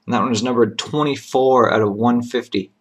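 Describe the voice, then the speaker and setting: A man of middle pitch hosts a card box break, calling out each pulled card and its serial number at an unhurried pace. He talks in a plain, methodical way, dropping short appreciative remarks when a nice card appears. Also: steady tone, slightly rough. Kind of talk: live card-opening commentary.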